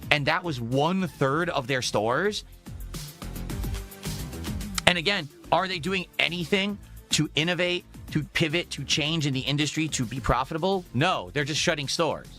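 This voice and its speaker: A man's voice: a little high, normal speed, pushed and bright, faint music behind. A man streaming a long, emphatic rant, repeating his points with self-assured insistence. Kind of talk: ranting stream monologue.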